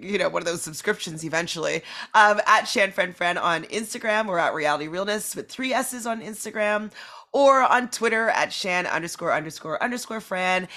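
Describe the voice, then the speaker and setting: A woman's voice: mid-range voice, bright, forceful tone. A woman guest on a podcast, chatting casually, giggly and hedging. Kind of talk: casual chat.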